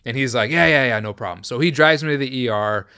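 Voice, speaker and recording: A male podcast host telling a story in a loose, rambling way, swearing freely as he goes. His voice is smooth and resonant, and it is recorded dry and close with no room sound. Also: mid-range voice, fast, no room sound. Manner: profane, rambling, animated storytelling. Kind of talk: casual storytelling monologue.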